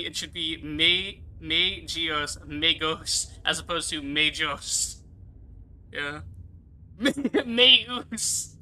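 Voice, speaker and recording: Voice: mid-range voice, sharp tone, rough recording. A gaming streamer giving casual live commentary, rambling, swearing freely and laughing often.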